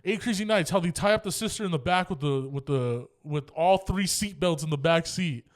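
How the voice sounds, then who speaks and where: Young male podcast host, animated storyteller, swears freely, fairly high voice. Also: a little fast. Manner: animated, swears a lot, acts out both sides of quoted dialogue. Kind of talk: casual storytelling chat.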